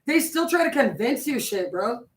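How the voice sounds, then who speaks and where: A woman rambles on at home with frequent swearing, her talk loose and animated. Her voice rings in an echoey room and sits some distance from the mic. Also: a little high, normal speed, a little hiss or hum. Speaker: vlogger. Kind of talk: rambling casual monologue. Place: home, indoors.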